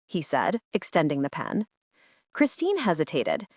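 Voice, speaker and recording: Expressive woman narrating a literary audiobook. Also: lowish voice, moderate pace, no echo, clean studio sound.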